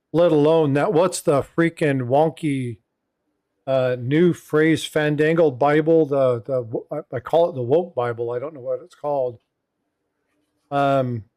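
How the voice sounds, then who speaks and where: Hosting a casual livestream panel, this middle-aged man has a medium-pitched voice with a darkish tone. His talk is rambling and filler-heavy, with plenty of "um" and "you know," and he reads viewer chat out loud.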